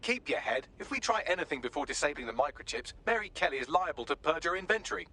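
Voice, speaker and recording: A snarky AI sidekick. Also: male voice, fairly high pitch, sing-song, bright, forceful tone, exaggerated voice. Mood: wry. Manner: sardonic, quick quips. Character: snarky male AI assistant, dry and witty.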